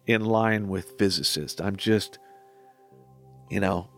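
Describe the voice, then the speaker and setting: A man's voice: sits low, measured pace, long pauses, faint music behind. A man in his forties talking through his own songs in a reflective podcast monologue, candid and self-deprecating, with casual swearing. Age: 40s.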